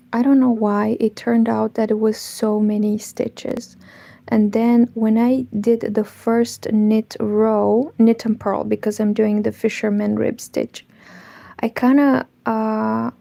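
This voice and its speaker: Woman hosting a relaxed knitting stream, unhurried and gravelly, talking softly to viewers. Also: a little high, poor audio. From Moldova. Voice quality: soft, partly whispered. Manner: chatty, greets viewers while knitting. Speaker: knitting channel host. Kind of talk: casual livestream chat. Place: home, indoors.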